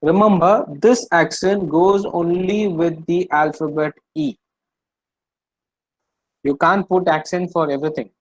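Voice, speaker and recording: A man's voice: high voice, steady tone, measured pace, no room sound, poor audio. A man teaching French in an online class, explaining patiently, repeating himself and using many fillers over a video call.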